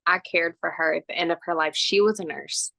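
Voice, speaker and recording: A woman client giving brief, quiet answers. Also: lowish voice, fairly even intonation, a little fast, creaky.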